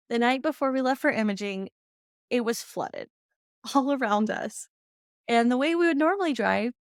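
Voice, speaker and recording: A woman's voice: fairly high pitch, no echo, studio quality. A woman, hosting a podcast and candidly telling a personal story, laughing often as she talks. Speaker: podcast host.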